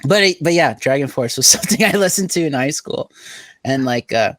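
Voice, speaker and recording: A man's voice: medium pitch, expressive, brisk, fairly bright tone, dry recording. A young man from Southern California, co-hosting a podcast and telling rambling, profane stories full of "like" in casual chat. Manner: rambling, profane storytelling with frequent "like". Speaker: podcast co-host.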